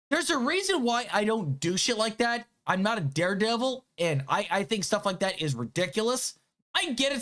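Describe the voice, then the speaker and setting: A woman in full angry-rant mode, spitting out curses in quick heated bursts. Her pitch sits a bit high and leaps all over the place as she gets worked up. She stumbles and repeats words when the anger takes over. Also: a bit bright. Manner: heated, profane, rapid outbursts. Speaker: vlogger. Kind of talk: angry late-night rant.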